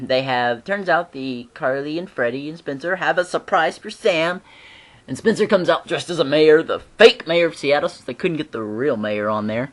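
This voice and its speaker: Chatty excitable fan recapping an episode. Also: mid-range voice. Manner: chatty, excitable, acts out characters' lines; frequently clears throat and laughs.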